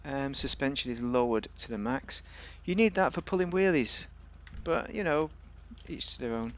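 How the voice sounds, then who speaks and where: A man's voice: mid-range voice, lively intonation, normal speed, fairly bright tone. A man giving a casual, rambling, jokey commentary while reviewing a car in a video game.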